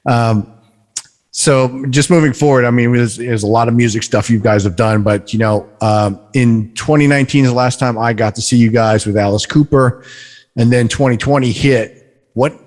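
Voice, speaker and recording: A man hosting a podcast interview, asking questions in a halting way with many restarts. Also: mid-range voice, a little mellow. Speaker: podcast host, concert photographer. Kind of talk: casual interview. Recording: reverberant, roomy sound.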